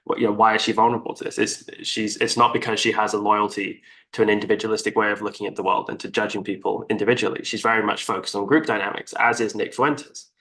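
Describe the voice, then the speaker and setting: A man's voice: on the low side, flat delivery, quick pace, pushed and bright. A male co-host of a casual political discussion, explaining his argument at length. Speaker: podcast co-host.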